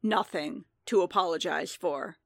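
A stern, armored male bounty hunter speaks quietly and gravely, read by a woman. The voice is low-pitched and unhurried, firm beneath its gentleness. The sound is dry and close, as in a storybook reading. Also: no echo. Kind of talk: audiobook fan fiction reading.

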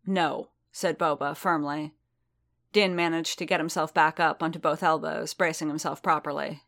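A woman narrating fiction in a measured, steady reading. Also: sits low, creaky.

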